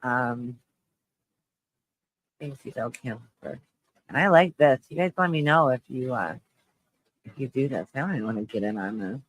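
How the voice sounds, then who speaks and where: A man hosting a live stream, chatting with viewers in a low, shaky-voiced mood, halting and restarting as he rambles. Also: fairly bright tone, no room sound, poor audio. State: shaky voice, close to tears. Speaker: livestream host.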